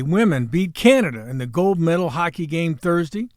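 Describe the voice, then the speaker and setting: A man in his sixties hosting a podcast, delivering a folksy, wisecracking monologue with salty language and a hoarse voice. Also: a little high, expressive, normal speed, a little mellow, dry recording, studio quality. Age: 60s. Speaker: podcast host. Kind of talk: opening monologue and casual chat.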